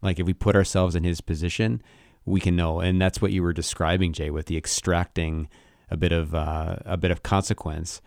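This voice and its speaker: A man with a very low, gravelly voice talks through scripture on a podcast. He is thoughtful and halting and often restarts his sentences. The sound is dry and close to the mic. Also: level tone, darkish tone, no echo. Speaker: podcast co-host. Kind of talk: casual Bible discussion.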